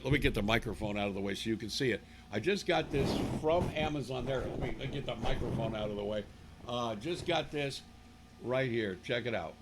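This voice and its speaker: Gravelly-voiced man hosting from home. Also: mid-range voice, noisy background. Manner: rambling, blunt and crude, with many restarts. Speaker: talk show host. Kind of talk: casual rambling monologue on a livestream. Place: his living room at home.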